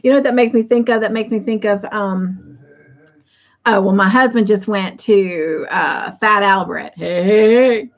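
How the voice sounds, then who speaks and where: A woman hosting a crochet livestream, chatting casually and warmly with viewers and often breaking into laughter. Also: medium pitch, normal speed, muffled recording. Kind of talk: casual chat to live viewers.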